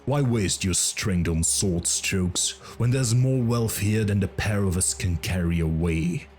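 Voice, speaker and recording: A man voicing a blunt, gruff young barbarian warrior in an audiobook, growling his lines. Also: sits low, unhurried, darkish tone, slight background noise.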